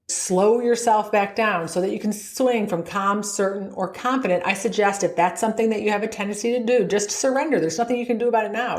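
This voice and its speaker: A woman's voice: medium pitch, echoey room. A middle-aged woman coaching golfers on their mental game in a podcast, upbeat, often laughing and acting out the thoughts in their heads. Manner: upbeat, laughs often, acts out inner voices.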